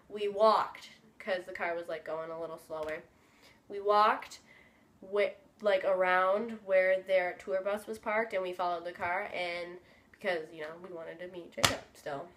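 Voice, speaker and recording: A young woman vlogger telling a story in a chatty, excitable way, full of fillers. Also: mid-range voice. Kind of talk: casual storytelling.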